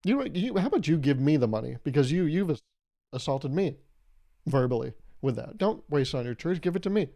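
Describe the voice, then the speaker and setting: A man's voice: on the high side, expressive, a little fast, mellow. A young man hosting a solo podcast, riffing in a wry, rambling way and acting out little scenes. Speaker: podcast host. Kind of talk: solo comedic monologue.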